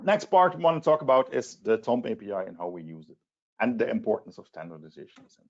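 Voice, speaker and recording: A man's voice: on the low side, fast talker, vocal fry, lo-fi sound. A man presenting slides in a webinar, hesitant and full of restarts. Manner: hesitant, many restarts and fillers. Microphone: video call.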